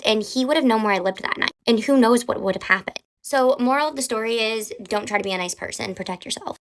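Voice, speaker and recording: A young adult woman telling a true story from her life in a casual, animated way. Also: mid-range voice. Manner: animated, dramatic retelling with lots of "like".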